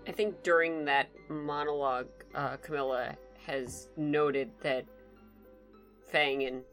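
A soft-spoken woman playing in a tabletop game, with a very low voice. She sounds wry, with faint music behind her. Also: fairly even intonation, takes it slowly. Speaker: player. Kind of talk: describing her character's actions.

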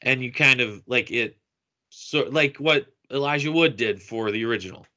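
A man in a casual podcast discussion, halting and heavy with fillers. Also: mid-range voice, sharp tone. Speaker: podcast co-host.

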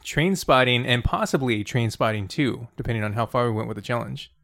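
A man's voice: medium pitch, a little fast, creaky, a bit bright. A man hosting a podcast in casual chat, wry and teasing. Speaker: podcast host.

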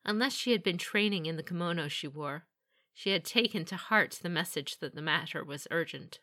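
A woman reading a fantasy novel aloud with steady, even storytelling. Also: lowish voice, moderate pace. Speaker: audiobook narrator. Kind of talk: scripted fantasy narration.

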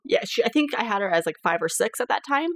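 Animated swearing woman game master. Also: mid-range voice, fast talker, no echo. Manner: animated, swears freely, laughs often. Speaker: podcast host and game master. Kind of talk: casual podcast chat.

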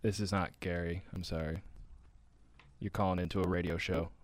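A man hosting a call-in radio show, laid-back and deadpan, a little hesitant. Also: low-pitched, normal speed, dry recording.

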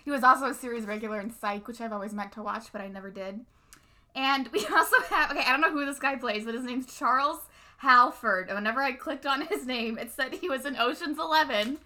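A young woman co-hosts a casual podcast, chatting away with frequent giggles and filler ums. Her voice is very bright and sits a little high. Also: brisk. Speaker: podcast co-host. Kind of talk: casual chat.

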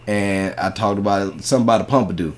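A man's voice: fast talker, slight background noise. A man co-hosting a podcast, a stand-up comic telling a story in a casual, profane way, acting out the people in it. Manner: animated, profane, acts out quotes in a high voice.

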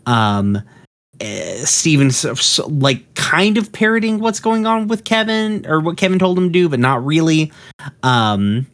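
A man's voice: fairly high pitch, sing-song, unhurried, a bit bright. Rambling man with lots of ums. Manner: rambling, full of ums and uhs, profane. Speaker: episode recapper. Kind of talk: casual recap of a cartoon episode.

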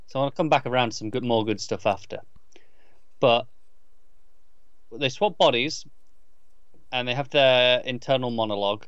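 A man's voice: medium pitch, moderate pace, pauses often, fairly bright tone, clear, resonant tone, no echo, dull audio. A man co-hosting a casual podcast, emphatically arguing his complaints about an episode, often stammering as he restarts. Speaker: podcast co-host. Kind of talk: casual chat reviewing a TV episode.

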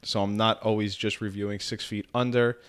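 A man's voice: on the low side, level tone, fairly quick, fairly bright tone, clear, resonant tone. A man hosting a podcast, talking casually and rambling with many fillers. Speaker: podcast host.

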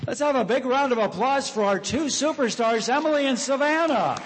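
A man's voice: very high voice, moderate pace, noisy background. A man hosting an awards ceremony, telling a playful joke story to a live audience in a large hall. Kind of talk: joking emcee remarks to an audience. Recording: reverberant hall sound.

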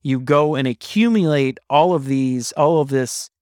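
Man, podcast co-host, casual chat, emphatic, restarts a lot, mid pitch, dry close sound. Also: measured pace, dry recording. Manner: emphatic, animated storytelling with frequent restarts.

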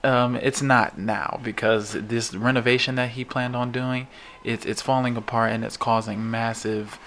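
A man's voice: mid-range voice, flat delivery, normal speed, fairly bright tone, a little hiss or hum. A man hosting a casual podcast chat, rambling loosely with jokes and fillers. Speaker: podcast host reading news.

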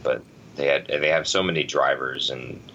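A man with an extremely low, forceful voice, chatting casually as a podcast co-host. He rambles thoughtfully and restarts his sentences often. The audio is slightly dull, with a faint hiss behind him. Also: steady tone, normal speed. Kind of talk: casual chat.

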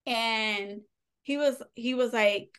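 A woman's voice: fairly high pitch, slow, fairly bright tone, smooth. A woman co-hosting a podcast, casually retelling a novel's plot in a chatty way, full of fillers and quoted dialogue. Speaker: podcast co-host. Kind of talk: casual book recap.

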